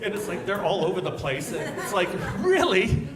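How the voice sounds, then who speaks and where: A man's voice: high voice, fast talker. A man doing a casual, rambling stand-up set at a comedy club. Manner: casual, rambling, with acted-out quoted bits. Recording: echoey room with crowd and noise.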